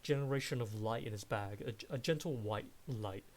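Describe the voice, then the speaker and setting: A man narrating a tabletop role-playing game as game master, descriptive and unhurried. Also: medium pitch.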